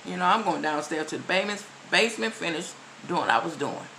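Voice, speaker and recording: A woman vlogger with a lowish voice that has a forceful, bright edge. She talks straight to her viewers, emphatic and repetitive as she lectures them. A faint hiss sits under her voice. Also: animated, fast, vocal fry, rough recording. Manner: emphatic, repeats key phrases, lectures the viewer directly. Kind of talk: casual direct-to-camera commentary.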